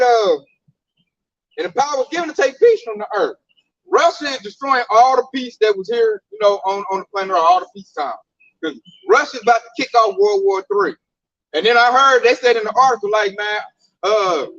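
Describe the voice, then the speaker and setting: High-voiced man preaching bluntly. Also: animated, fairly quick, creaky, fairly bright tone, dry recording, highs cut off. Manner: blunt, emphatic, slangy. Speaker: Bible teacher. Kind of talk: casual street preaching.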